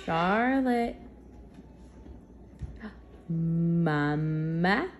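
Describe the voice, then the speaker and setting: A young woman filming her children at home on a phone, gently coaxing a baby to talk. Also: fairly low pitch, animated, extremely slow, slight background noise. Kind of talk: casual home video. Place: family home indoors. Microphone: phone camera.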